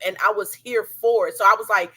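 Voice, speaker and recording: A woman's voice: medium pitch, fairly even intonation, sharp tone, breathy edge. A woman hosting a podcast who chats casually and agrees with her guests readily and enthusiastically. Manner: enthusiastic, affirming, quick to agree.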